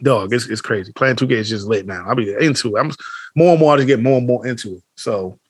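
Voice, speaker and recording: A man co-hosting a podcast in casual chat, telling animated stories full of slang and swearing, acting out what others said. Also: mid-range voice, quick pace, husky, dry recording, clean studio sound. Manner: animated storytelling, acts out quotes, heavy slang and swearing. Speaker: podcast co-host.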